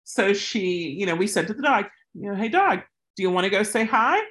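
With a fairly bright tone, this brisk, animated voice belongs to a dog trainer sharing casual tips alongside stories. The talk is chatty, and the quoted people get acted out through large pitch leaps.

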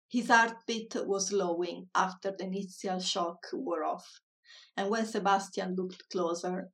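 A woman reading a children's story aloud in a soft, measured way. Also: lowish voice, vocal fry, distant mic.

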